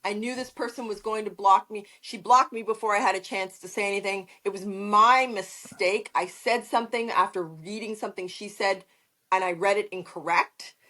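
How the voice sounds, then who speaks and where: A woman's voice: medium pitch, steady tone, moderate pace, sharp tone. A woman talking bluntly as a podcast guest, swearing freely and laughing often. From Canada. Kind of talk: casual interview chat.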